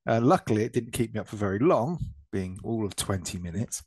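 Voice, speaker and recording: A man's voice: lowish voice, lively intonation, a little fast, a little mellow, husky, no room sound. A man from England co-hosting a casual gaming podcast, jokey and prone to swearing, talking over a call. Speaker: podcast co-host. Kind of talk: casual banter. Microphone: remote call mic.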